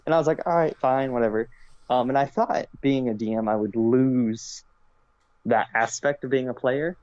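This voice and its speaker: A man co-hosting a podcast in casual chat, relaxed and rambling, often quoting his own thoughts. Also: mid-range voice, normal speed, muffled recording. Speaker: podcast co-host.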